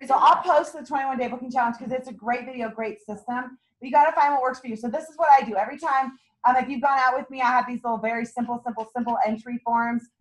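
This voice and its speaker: Speaking quickly with few pauses, a woman with a high, bright voice leads a sales meeting as team leader. She's bubbly, laughs a lot, and fires up her group in a small room with a motivational talk, captured on a low-quality recording.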